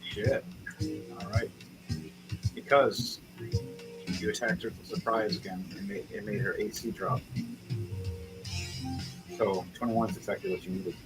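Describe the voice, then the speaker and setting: A man's voice: on the low side, steady tone, a little slow, long pauses, rough recording. Profane man running a tabletop game. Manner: casual and profane, vivid gory narration. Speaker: game master. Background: background music.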